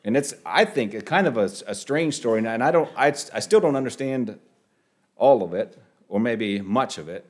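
A man preaching a sermon, halting and repeating words, rising sharply on key phrases. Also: mid-range voice, lively intonation.

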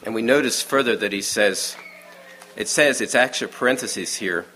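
A man giving a sermon in a conversational, storytelling way, often dropping to a hush for the quiet moments. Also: on the low side, moderate pace, soft background music. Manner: many restarts and fillers, informal aside. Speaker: preacher.

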